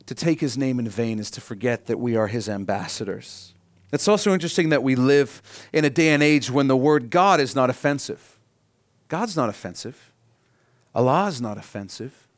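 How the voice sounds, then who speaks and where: A man delivering a sermon, teaching earnestly and putting rhetorical questions to his listeners. His voice sits at a middling pitch. The sound is dry and close, with little room around it. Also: brisk, dry recording. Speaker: pastor.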